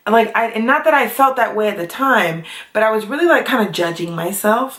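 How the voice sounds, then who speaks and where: A woman's voice: a little high, moderate pace, fairly bright tone. Chatty young woman vlogging in an echoey room. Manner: chatty, with many fillers and laughs. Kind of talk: casual chat to camera.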